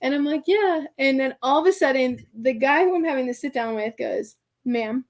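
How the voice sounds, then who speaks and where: A woman guest on a podcast telling a story in casual conversation. She is animated, laughs often, acts out the people in it and keeps saying "like". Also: high voice, normal speed. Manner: chatty, heavy use of "like" and "I'm like".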